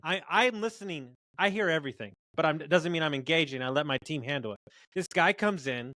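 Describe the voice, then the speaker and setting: A man guest telling lively customer stories in a casual interview, swearing and acting out dialogue. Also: on the high side, a little fast, no room sound. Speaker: guest, home services business owner.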